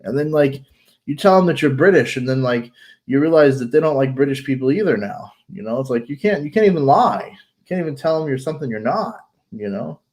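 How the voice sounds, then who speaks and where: An American man vlogs in a casual chat, speaking bluntly and rambling with plenty of fillers and restarts, his voice congested from allergies. He has a mid-range, slightly mellow voice with lively intonation and a brisk pace.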